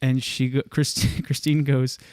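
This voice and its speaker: A man's voice: medium pitch, level tone, unhurried, a little mellow, no echo, studio quality. A man hosting a chat show, joking and telling stories. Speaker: host. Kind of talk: casual podcast chat.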